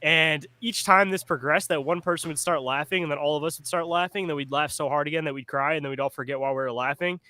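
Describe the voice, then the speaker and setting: A man's voice: a little high, fast talker, hardly any pauses, bright, forceful tone, no echo. A young man hosting a casual podcast chat, laid-back, calling people dude and bro.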